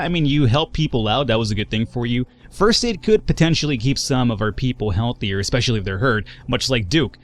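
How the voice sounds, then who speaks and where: A man's voice: medium pitch, no echo. A man hosting a let's play, chatting casually, swearing, thinking aloud and laughing at himself. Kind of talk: casual gameplay commentary.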